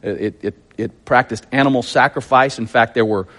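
A man preaching a sermon, retelling a scripture story with lively, acted-out quotes. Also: medium pitch, normal speed. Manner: animated, acts out quotes in a raised voice. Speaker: pastor.

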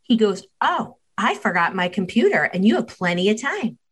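A middle-aged woman talks as a podcast guest with an expert's assurance. She tells stories briskly, acting out the dialogue with swings up and down in pitch. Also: husky. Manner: animated storytelling, acting out dialogue. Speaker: guest, child mental health expert. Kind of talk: podcast interview.

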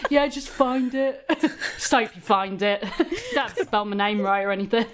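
A woman's voice: on the high side, big pitch swings, normal speed, very noisy. A woman comedian chatting as a podcast guest, giggly and rambling, full of fillers. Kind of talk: casual chat.

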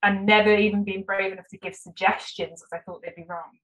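A woman guest on a podcast, chatting casually in an animated, self-deprecating way and restarting her sentences often. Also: mid-range voice, fast talker, poor audio. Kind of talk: casual conversational interview.

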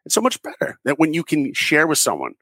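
A man in his forties, an interview guest who tells animated stories and acts out the dialogue in them. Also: fairly high pitch, a little fast, breathy edge, no room sound. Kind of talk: conversational storytelling.

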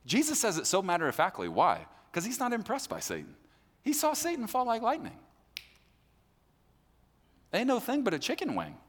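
A man's voice: high voice, wildly swooping pitch, normal speed, pauses often. A man pastor giving a conversational sermon, acting out listeners' voices, recorded live in a church hall. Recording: live hall with long reverb.

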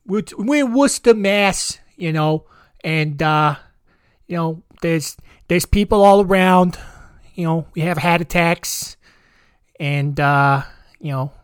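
A man's voice: on the high side, slow, smooth, dry recording, clean studio sound, pitched above the performer's own voice. A man putting on a dim, rambling Boston local with a thick Boston accent, mumbling and repeating himself. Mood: rambling boast. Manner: rambling, repetitive, boastful.

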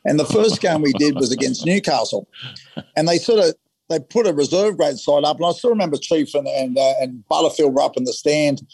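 A man's voice: fairly high pitch, fairly quick, gravelly, a little mellow, slightly rough, dry recording. An Australian man and former rugby league player, telling rambling anecdotes in an interview and acting out the quotes. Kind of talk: casual interview storytelling.

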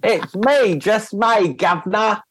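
A man's voice: sits high, slow, heavy background noise, pitched above the performer's own voice. A man putting on an exaggerated Cockney accent as a cheeky, over-the-top version of himself. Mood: hammy, cheeky. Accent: Cockney, hammed up. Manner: loud, over-the-top, laughing.

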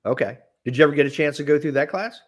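A man hosting a podcast interview, asking relaxed follow-up questions in casual chat. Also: a little high, rapid-fire, lo-fi sound. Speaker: podcast host.

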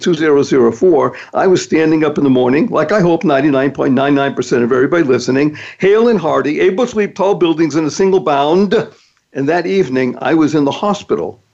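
Male podcast host, emphatic and upbeat, slightly high pitch, dull lo-fi audio. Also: a little mellow. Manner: upbeat, emphatic, playful acronyms. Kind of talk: motivational talk.

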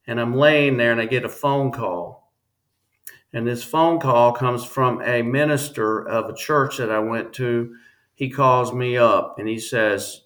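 A man, a guest on an interview podcast, telling a personal story in an earnest, halting way with many restarts. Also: medium pitch, fairly even intonation, a bit bright.

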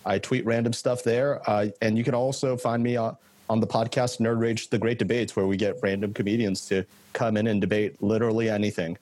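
Male podcast guest, lower voice, dry close mic, upbeat and chatty. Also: steady tone, fairly quick, darkish tone, dry recording. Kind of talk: casual movie chat.

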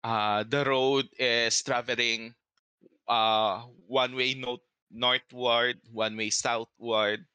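Game master, male, measured scene-setting narration, slow pace, dry close sound. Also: medium pitch, little pitch movement, sharp tone, smooth, dry recording.

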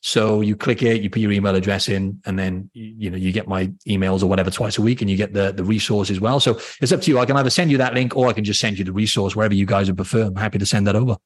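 A man's voice: fairly low pitch, steady tone, rapid-fire, few pauses, husky. A man from Wales with an accent mixing Welsh and Australian, chatting casually as a podcast guest and laughing easily. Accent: Welsh mixed with Australian. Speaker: podcast guest, fitness coach. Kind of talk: casual interview chat.

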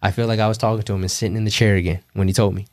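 Young male guest, low-pitched, animated and openly emotional, casual podcast talk on a dry mic. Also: racing, no room sound. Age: young adult. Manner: animated, emotional, swears freely.

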